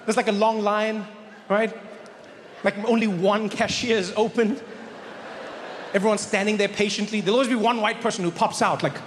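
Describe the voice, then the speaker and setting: South African stand-up comic, high voice, animated storyteller; live stage mic with clear background noise. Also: male voice, moderate pace, pauses often. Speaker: stand-up comedian. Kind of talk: stand-up comedy. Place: comedy stage before an audience.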